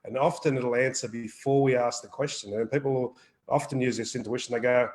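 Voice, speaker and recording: Co-hosting a live wellbeing Q&A, this man talks earnestly but rambles, repeating words and swearing casually. His mid-range voice is a little mellow and fairly even, moving a bit fast over a rough recording.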